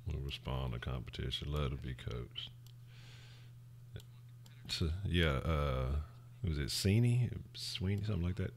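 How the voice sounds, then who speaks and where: Male streamer with a Houston accent, extremely low pitch, casual and profane, chatty sports talk. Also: expressive, unhurried, slight background noise. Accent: Houston, Texas. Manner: slangy, loose, profane, chatty. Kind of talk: casual live reaction stream.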